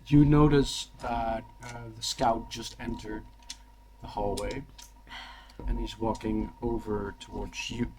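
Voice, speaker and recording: A man running a tabletop game as game master, relaxed and laughing often. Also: on the low side, slow, very noisy. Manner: laid-back, laughing often.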